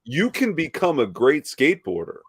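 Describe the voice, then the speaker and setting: A man's voice: a little high, huge pitch swings, normal speed, breathy edge. A man co-hosting a casual podcast who builds long, playful comparisons as he talks. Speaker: podcast co-host. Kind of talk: casual chat.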